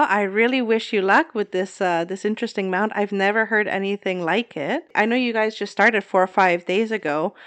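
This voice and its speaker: A podcast host with a smooth, clear, mid-pitched voice keeps the talk upbeat and joking. She speaks straight to her listeners and her guest. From Southwestern Quebec. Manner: upbeat, playful, addresses listeners. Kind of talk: casual podcast interviewing.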